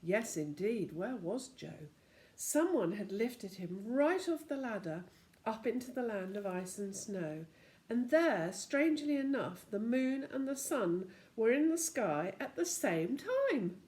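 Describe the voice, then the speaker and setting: Animated grandmother reading a storybook aloud. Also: on the high side, takes it slowly. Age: older.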